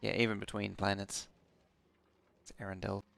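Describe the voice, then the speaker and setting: Gravelly, sleepy male streamer. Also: lowish voice, little pitch movement, moderate pace, a bit bright. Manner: rambling, with frequent ums. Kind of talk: casual gameplay stream commentary.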